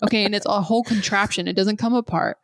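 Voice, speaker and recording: Woman, podcast co-host, casual chat, animated storytelling, swearing, dry sound. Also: mid-range voice, fast talker, no echo. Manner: animated storytelling, acts out quotes, swears freely.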